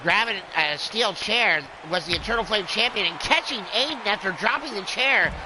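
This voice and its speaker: A man's voice: high-pitched, expressive, normal speed, background noise. Guy streamer doing goofy drunk-clown play-by-play, bouncy voice all over the place. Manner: rambling and jokey, playing a drunken clown persona. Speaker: streamer and wrestling commentator. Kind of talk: excitable play-by-play game commentary.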